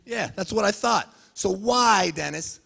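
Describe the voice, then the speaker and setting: A man's voice: high voice, animated, unhurried, creaky, sharp tone, breathy edge. A man from Canada trash-talking a rival at a press conference, heated and repeating his challenges. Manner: heated, repetitive, taunting questions. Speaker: arm wrestler at a press conference. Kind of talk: confrontational trash talk. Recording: reverberant hall.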